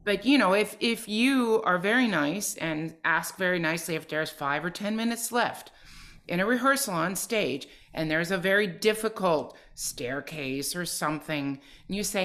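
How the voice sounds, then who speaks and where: A middle-aged woman with a somewhat low voice co-hosts an interview. She speaks earnestly, offering advice and asking thoughtful questions at a conversational pace. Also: normal speed, fairly bright tone. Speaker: podcast co-host and opera singer.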